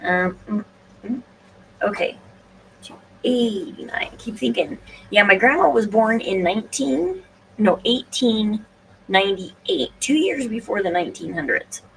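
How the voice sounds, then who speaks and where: A woman's voice: mid-range voice, expressive, measured pace, gravelly, fairly bright tone. A woman hosting a casual solo livestream, talking in a rambling, hesitant way with frequent restarts. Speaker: podcast host. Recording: distant mic, faint room noise.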